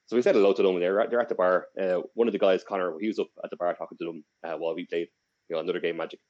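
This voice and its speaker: Telling a long, meandering tale on the podcast he co-hosts, this young Irish man keeps restarting and dropping fillers. He speaks at a racing pace in a low, steady, darkish voice, and the recording has its highs cut off.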